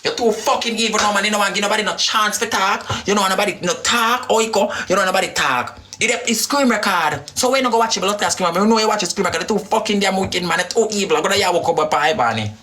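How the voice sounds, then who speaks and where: A woman with a Jamaican accent who talks fast and heatedly, swearing often, while hosting a livestream chat. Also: mid-range voice, background noise. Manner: rapid, heated and profane.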